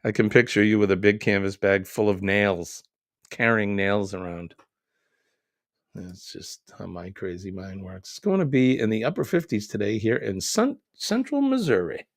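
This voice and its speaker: Gravelly-voiced man chatting on a live stream. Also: lowish voice, animated, moderate pace, no room sound, clean studio sound. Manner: chatty, joking, reads comments aloud. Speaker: live stream host reading viewer comments. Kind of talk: casual live chat.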